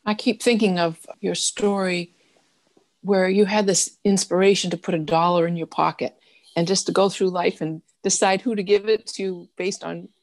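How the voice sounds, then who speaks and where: A woman interviewer asking gentle, searching questions in a conversational way. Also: on the low side, fairly even intonation, moderate pace.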